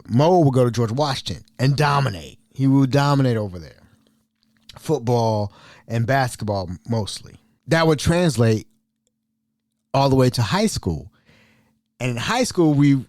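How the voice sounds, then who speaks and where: An Ohio podcast host tells old stories in a casual, talkative, animated way, laughing frequently. His pitch is medium. The studio sound is clean, without any room noise.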